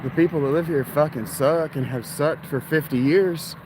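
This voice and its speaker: A man's voice: on the high side, moderate pace. A man talking casually while walking outdoors, short of breath, blunt and profane with rambling asides. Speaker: street vlogger and storyteller. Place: outdoors on town streets. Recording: outdoor traffic noise.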